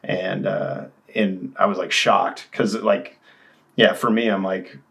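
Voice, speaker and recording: A man's voice: low-pitched, steady tone, slow, creaky, a bit bright. A man in his thirties, a musician guest, telling his story candidly in a casual interview, rambling with restarts.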